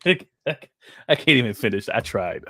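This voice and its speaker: A man hosting a casual podcast, joking and cursing as he tells stories. His pitch swings widely as he acts out what other people said. The sound is dry and close, with no room echo. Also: slow. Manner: animated storyteller who acts out other people's quotes; profane, joking. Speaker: podcast host.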